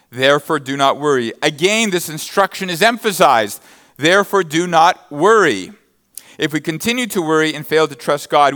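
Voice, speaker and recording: A man's voice: a little high, fairly bright tone, clean tone. A man preaching a sermon, reading scripture verses and expounding them with emphatic, rising bursts of intensity. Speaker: pastor.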